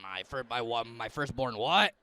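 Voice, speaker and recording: A man's voice: mid-range voice, animated, moderate pace, pushed and bright, pitched below the performer's own voice. Guttural brute of a hunter brother, begging for food with a pushy streetwise edge; a male preacher voices him in a sermon. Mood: careless. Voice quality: guttural caveman voice. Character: gruff hungry grown hunter brother, brutish.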